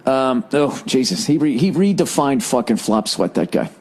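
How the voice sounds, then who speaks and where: A man's voice: mid-range voice, very animated, normal speed, a little mellow. A man hosting a podcast, delivering a rambling, profane, exasperated comedic rant. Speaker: podcast host.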